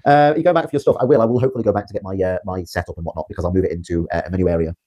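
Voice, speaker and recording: A man's voice: low-pitched, very fast, dark tone. A young man from Britain on a livestream, ranting defiantly with rambling restarts. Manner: rambling, repetitive, stumbling restarts.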